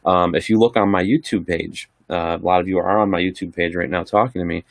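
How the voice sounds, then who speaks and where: Low-voiced laid-back man chatting. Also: vocal fry, dry recording, clean studio sound. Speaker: livestream host answering viewer questions. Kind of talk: casual live chat.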